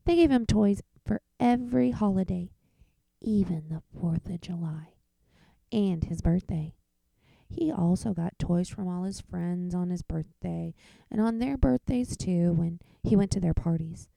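A woman's voice: fairly low pitch, a little slow, creaky, dark tone, dry recording, poor audio. A woman reading a children's picture book aloud expressively, whispering each page turn. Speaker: narrator.

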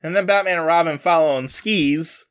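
A man's voice: a little high, normal speed, smooth. A man hosting a casual podcast chat, rambling through a comic plot summary and correcting himself as he goes. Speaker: podcast host recapping a comic.

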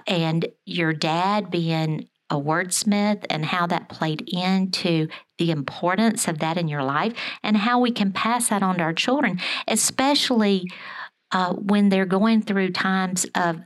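A middle-aged woman telling a family story in casual conversation, earnest and hesitant, with many fillers and restarts. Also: fairly low pitch.

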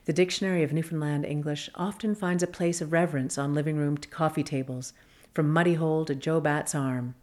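A woman reading a scripted magazine feature as narrator, measured and even. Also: low voice.

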